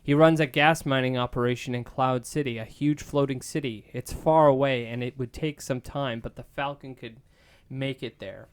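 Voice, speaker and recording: A man reads a gamebook aloud in a relaxed, casual way, pausing with small filler sounds. His voice is smooth and resonant and sits at an ordinary middle pitch. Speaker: reader of a gamebook.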